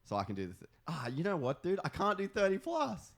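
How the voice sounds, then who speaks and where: A man's voice: high-pitched, wildly swooping pitch, brisk. A man in his twenties with an Australian accent, chatting casually on a podcast, rambling with lots of fillers and frequent swearing. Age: 20s.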